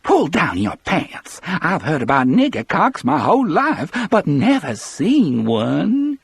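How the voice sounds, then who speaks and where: Man putting on a high-pitched dying old woman, hoarse and childlike, thin and husky, slow and lingering, storybook reading. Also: huge pitch swings, no echo, exaggerated voice. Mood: crude. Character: frail dying older woman, sick in bed. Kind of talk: audiobook character voice.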